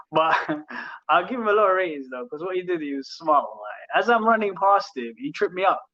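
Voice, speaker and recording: Young man, relaxed slangy storyteller, high voice, dull muffled recording. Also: moderate pace. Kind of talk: casual chat.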